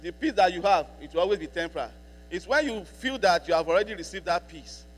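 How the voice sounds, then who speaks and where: A man preaching a sermon as a pastor, repeating key lines for emphasis and slowing down to read scripture. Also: high-pitched. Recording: long hall reverb with mains hum.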